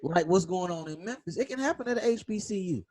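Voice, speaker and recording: Podcast co-host, male, higher pitch, lively and husky, punchy emphasis. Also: quick pace. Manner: emphatic, animated, drops into low tones for emphasis. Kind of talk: casual sports talk.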